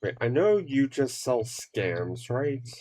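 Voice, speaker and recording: Slow, rambling streamer humming along. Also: female voice, a bass voice, very animated, dark tone, a little hiss or hum. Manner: rambling, hums to self, many fillers. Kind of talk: casual gameplay commentary.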